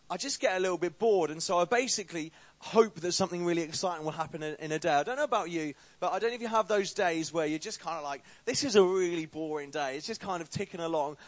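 A man's voice: high-pitched, no room sound. A young man giving an informal talk to a faith group, telling a story with chatty, self-deprecating asides.

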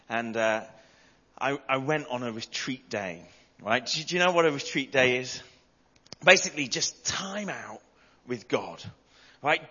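Bright-voiced preacher in a hall. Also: male voice, medium pitch, highs cut off. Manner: storytelling, emphatic, repeats for effect. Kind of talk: sermon.

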